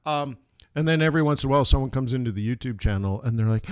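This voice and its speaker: A man's voice: mid-range voice, fast talker, background noise. Casual, rambling male trading host. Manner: rambling, joking, many fillers. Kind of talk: casual live trading commentary.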